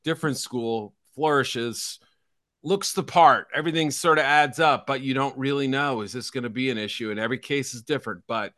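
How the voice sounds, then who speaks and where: A man's voice: medium pitch, a little fast, fairly bright tone, dry recording, clean studio sound. A middle-aged man co-hosting a casual football draft talk, chatty and hedging, with a self-deprecating streak. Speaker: football draft analyst co-host.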